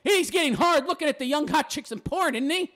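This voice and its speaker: High, animated, mocking male ranter. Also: a little fast. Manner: crude and mocking, laughs at his own jabs. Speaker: commentator. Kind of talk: ranting reaction commentary.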